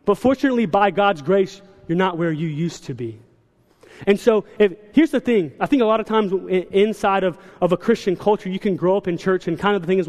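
A young man preaching a sermon in a church, telling stories with quick, animated asides. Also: sits high. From South Carolina. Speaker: church speaker. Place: large church hall. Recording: long hall reverb.

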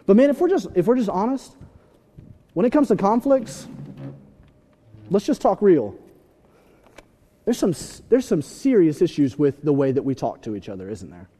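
A young man preaching a sermon, telling stories with animated shouts and asides. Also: high voice, normal speed, long pauses, slightly rough. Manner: animated storytelling, acts out scenes with shouts. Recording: long hall reverb.

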